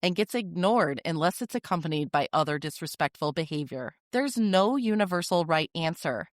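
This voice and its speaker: A woman hosting a parenting podcast, giving advice in a calm, firm, direct manner with short, deliberate sentences. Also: on the low side, no echo, studio quality. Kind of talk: scripted advice monologue.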